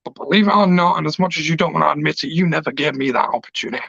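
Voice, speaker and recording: A man's voice: a little high, rapid-fire, vocal fry, fairly bright tone, husky, no echo. A man, a pro wrestler cutting an emotional, passionate, rambling promo. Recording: dull lo-fi dry recording.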